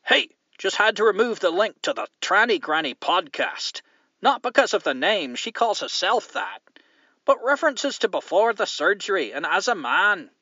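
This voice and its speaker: A man reading a letter as a fussy Scottish man, in a mock Scottish accent with a high, prim, apologetic delivery. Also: sharp tone, no room sound, full character voice. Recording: dull lo-fi dry sound.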